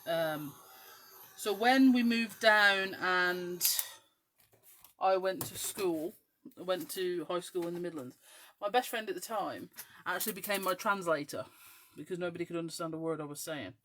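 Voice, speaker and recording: A woman's voice: fairly low pitch, a little slow, a bit bright, slight background noise. Chatty woman with a faint Scottish twang. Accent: English, with a faint west of Scotland twang. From west coast of Scotland. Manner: chatty, rambling, with frequent ums. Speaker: craft show host. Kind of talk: casual chat while crafting.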